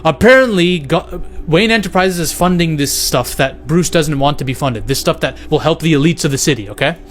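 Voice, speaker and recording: A man's voice: fairly high pitch, lively intonation, a little fast. A young man casually retelling a speculative movie plot, loose and profane, slipping into paraphrased dialogue for each character.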